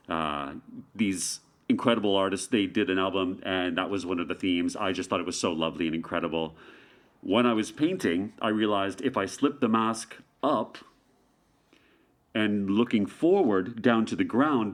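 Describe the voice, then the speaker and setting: A Canadian man talking as a guest street artist in a casual interview, playful and rambling, full of jokes. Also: deep voice.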